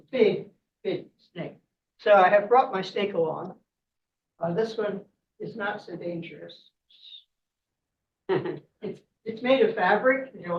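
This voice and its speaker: An older woman from the US Midwest, a guest speaker retelling a myth, chatty and digressive with wry asides. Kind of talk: storytelling lecture. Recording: roomy, distant, dull with faint rumble.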